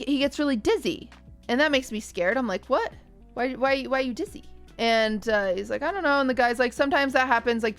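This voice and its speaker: A woman's voice: on the high side, clean tone. A young woman streamer chatting casually with her viewers and acting out what people said. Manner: animated storytelling, acting out other people's lines.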